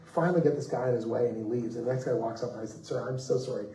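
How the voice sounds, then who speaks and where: A man of middle pitch tells stories on a festival panel, lively and expressive, slipping into the voices of the people he quotes. He sits some way from the mic, and the room around him rings with echo. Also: rapid-fire, far from the mic. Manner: animated, acts out quoted voices, laughs mid-story. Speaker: comics writer on a festival panel. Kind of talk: anecdotal storytelling on a panel.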